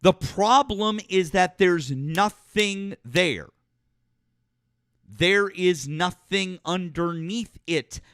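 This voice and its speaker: Combative call-in host, man, sore throat, high bright voice, profane and blunt. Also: extremely slow, clean tone, no echo, studio quality. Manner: argumentative, profane, talks over callers. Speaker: political talk show host. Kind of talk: heated live call-in debate.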